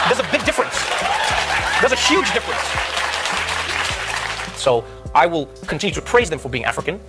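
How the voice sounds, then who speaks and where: A man delivering a comedic monologue as a talk show host, animated and emphatic, repeating words when he gets worked up. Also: high-pitched, a little fast, long pauses, over music, crowd noise.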